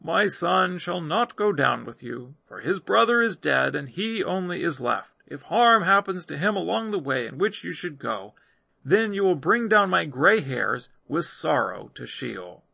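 A man's voice: on the high side, very animated, unhurried, vocal fry, sharp tone, slightly rough, no room sound, pitched above the performer's own voice, full character voice. A man reading aloud, voicing a grieving old father who laments his lost sons. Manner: lamenting, anguished.

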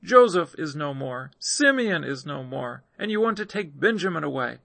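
A man's voice: fairly high pitch, very animated, normal speed, gravelly, a bit bright, dry recording, heavily acted. A man reading aloud, voicing a grieving old father who laments his lost sons. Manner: lamenting, anguished.

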